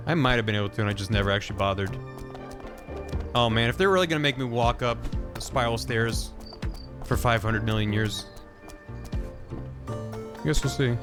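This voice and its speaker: A man's voice: medium pitch, normal speed, long pauses, music in the background. A man giving casual gameplay commentary as a streamer, playful and wry.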